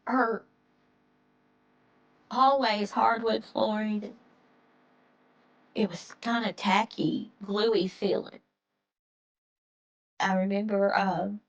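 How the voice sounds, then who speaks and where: An older woman in a documentary interview, slowly and haltingly recounting events. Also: mid-range voice, expressive, highs cut off.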